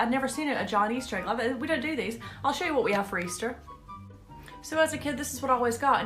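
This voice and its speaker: A woman's voice: fairly high pitch, fairly bright tone. A woman from Georgia, chatting casually to camera as a vlogger and asking her viewers playful questions, with the odd curse. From Georgia, USA.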